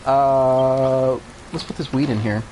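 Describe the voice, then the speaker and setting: A man chatting as he plays through a video game on stream. His voice sits at an average pitch, loose and offhand, and he swears freely. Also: steady tone, slow, dark tone, a little hiss or hum, low-quality recording. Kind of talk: casual let's-play commentary.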